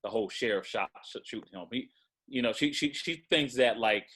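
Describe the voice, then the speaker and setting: A man co-hosting a casual TV recap podcast, halting and restarting, often asking "you know what I mean". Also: medium pitch, a bit bright. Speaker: podcast co-host.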